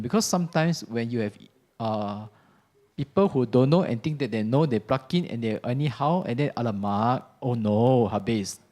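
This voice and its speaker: A man giving a relaxed, chatty product demo in a workshop classroom, often checking in with "okay?". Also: mid-range voice. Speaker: audio product trainer. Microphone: ceiling and handheld microphones in a live demo.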